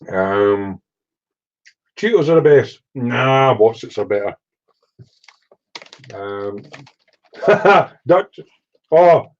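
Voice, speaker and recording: Middle-aged scottish guy from edinburgh, swears a lot, rambly stream chat, muffled audio. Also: mid-range voice. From Scotland. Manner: swearing, rambling storyteller reading chat aloud. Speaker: live stream host. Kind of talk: casual live stream chat.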